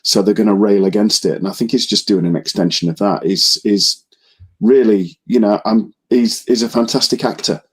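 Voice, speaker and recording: A man's voice: fairly low pitch, fairly even intonation, normal speed. A man from the UK co-hosting a casual chat, giving blunt, opinionated takes. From United Kingdom. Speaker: co-host.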